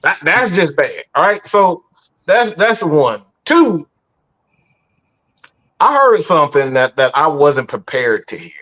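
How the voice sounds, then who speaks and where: A sports podcast host runs a live post-game reaction show, ranting with loads of swearing and stammering as he restarts his sentences. His voice sits a little high, swings widely in pitch, and sounds pushed and bright while keeping a measured pace. He comes across profane and exasperated, and the stream audio is dull and lo-fi.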